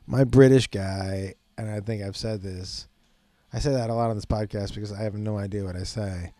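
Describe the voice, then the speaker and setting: A man's voice: on the low side, fairly even intonation, normal speed, mellow, no room sound. Rambling, profane podcast host man. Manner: rambling, profane, self-mocking with bursts of laughter. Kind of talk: casual late-night podcast rambling.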